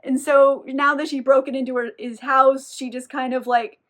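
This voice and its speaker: A woman's voice: high voice, little pitch movement, normal speed, hardly any pauses, a bit bright. A young woman casually recapping a novel on camera. She talks irreverently, says "like" constantly and laughs often. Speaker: book reviewer.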